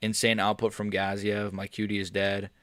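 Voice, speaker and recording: Excitable young man streaming fight reactions. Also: on the low side, moderate pace, no echo, studio quality. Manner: excitable, swings from mumbling to yelling, swears and laughs often. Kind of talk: live-stream reaction chat.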